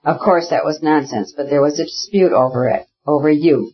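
A reader voicing Varenka, a gentle, soothing young woman with a husky voice. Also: mid-range voice, moderate pace, dull audio, close to an everyday voice. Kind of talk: audiobook character reading.

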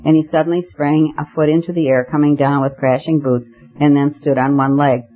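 A man narrating a story in a measured, even way as an audiobook reader. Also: on the high side. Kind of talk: scripted narration. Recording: muffled lo-fi recording.

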